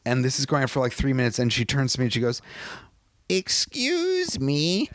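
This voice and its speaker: A man's voice: mid-range voice, flat delivery, very fast, dry recording. A male comedian giving a casual, rambling commentary, often breaking off mid-sentence to tell stories. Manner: rambling, self-interrupting, anecdotal.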